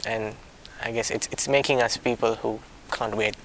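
A man guides a small discussion circle in a meeting room, soft-spoken and apologetic, often restarting his sentences. His voice has a gravelly edge, and faint background noise runs under it. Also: fairly low pitch, steady tone, normal speed. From a warm-climate country. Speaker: discussion leader.

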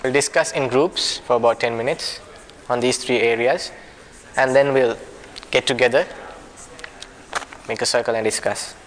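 A man leading a small discussion group, talking in a soft, apologetic way with many restarts. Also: mid-range voice, steady tone, moderate pace. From a warm-climate country. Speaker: discussion leader. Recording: background noise.

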